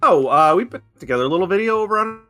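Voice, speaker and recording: Guy guest chatting bout making props, laid back, trips on words, bright voice, dry sound. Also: sits high, very fast, dry recording, soft background music. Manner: relaxed, laughing, stumbling over words. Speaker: guest prop maker. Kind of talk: casual chat.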